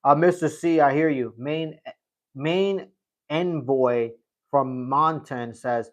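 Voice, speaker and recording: A man's voice: mid-range voice, fairly even intonation, takes it slowly, dull audio. Rambling man hosting a livestream. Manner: rambling storyteller, repeats himself. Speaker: livestream host reading chat. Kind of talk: casual livestream chat.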